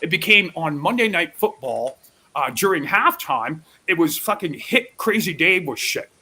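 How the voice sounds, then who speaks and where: A man telling a rowdy story in casual live chat, swearing freely and acting out loud quotes. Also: on the high side, normal speed, a little hiss or hum. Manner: profane, animated storytelling with loud acted-out quotes. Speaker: guest storyteller.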